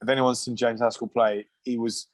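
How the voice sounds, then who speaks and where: A man's voice: medium pitch, level tone, fairly quick, dry recording. A man and former rugby player, a podcast guest telling casual stories, swearing freely and laughing as he goes. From England. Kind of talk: casual anecdotal storytelling.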